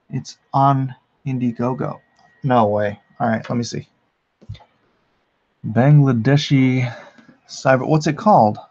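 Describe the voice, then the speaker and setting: Gravelly, unhurried man on a livestream. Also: medium pitch, muffled recording. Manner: relaxed, chatty, reads the chat aloud and laughs at it. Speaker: artist hosting a drawing livestream. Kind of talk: casual livestream chat.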